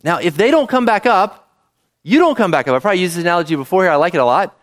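Male pastor, higher voice, animated delivery, chatty sermon to his congregation. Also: very fast. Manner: lively, conversational, asks the congregation questions.

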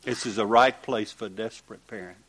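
A man preaching a sermon, reading scripture aloud and asking rhetorical questions, rising to loud emphatic peaks and dropping to quiet asides. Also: lowish voice, steady tone, fairly quick, husky. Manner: reads scripture aloud in King James wording.

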